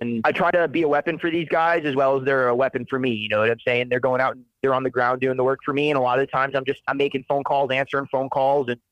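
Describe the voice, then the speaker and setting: Rapid, blunt man giving motivational business advice, dry recording with no room echo. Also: mid-range voice, fairly bright tone, dull audio. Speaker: independent welder and business owner. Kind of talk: casual podcast interview.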